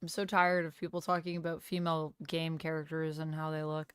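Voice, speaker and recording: Her low voice moves a little fast, with a clean tone in a dry recording. A young woman live-streaming, she talks animatedly with chat, pitching up sharply on surprised questions as quiet lo-fi music plays.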